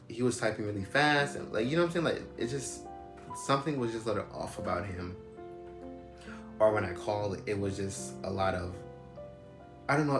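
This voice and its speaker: A young man tells a personal story in a loose, rambling way, full of fillers and restarts. His voice sits a little low. The room is echoey and loud music plays underneath. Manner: rambling, heavy use of "like" and "you know what I'm saying". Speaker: storyteller recounting a personal experience. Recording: roomy echo with loud music behind.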